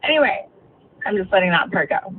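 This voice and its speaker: A woman's voice: medium pitch, lively intonation, measured pace, slight background noise. Ranting woman bus driver, tinny recording. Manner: ranting, swearing, many fillers. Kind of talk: casual storytelling rant while driving. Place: inside a moving bus.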